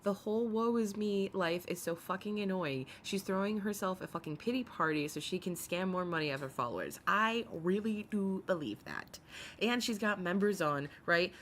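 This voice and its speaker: A woman's voice: mid-range voice, a bit bright. A woman hosting a casual commentary stream, chatty and swearing freely as she greets her chat by name.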